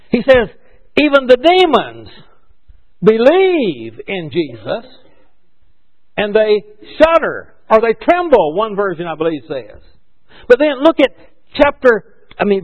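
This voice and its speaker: A man preaching a sermon in a conversational way, asking rhetorical questions and correcting himself as he goes. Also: high voice. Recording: dull lo-fi recording.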